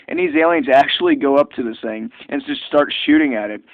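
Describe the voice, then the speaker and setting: A man reviewing an old video game in a chatty, excitable, rambling way. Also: mid-range voice, fairly quick, dry recording. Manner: chatty and excitable, lots of fillers and restarts. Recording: tinny phone-like dry recording.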